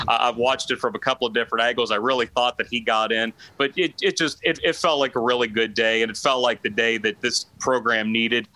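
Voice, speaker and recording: A man co-hosting a sports podcast, giving a steady, detailed breakdown of a college football game. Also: mid-range voice, no echo, low-quality recording. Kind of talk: analytical sports chat.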